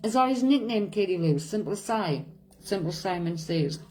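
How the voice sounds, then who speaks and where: A woman hosting a live stream as a medium, chatting loosely and answering her viewers' comments as they come in. Her voice is warm and relaxed, sitting at an ordinary pitch for a woman, with faint music playing under her. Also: moderate pace, rough recording. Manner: chatty, reads viewer comments aloud and answers them, laughs often. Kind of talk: casual chat on a live stream.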